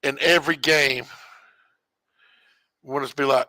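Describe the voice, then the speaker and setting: A man's voice: medium pitch, fairly even intonation, unhurried, pushed and bright, no echo. A man streaming a game and telling a long, rambling story in casual chat, correcting himself and chuckling as he goes. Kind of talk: casual storytelling while gaming.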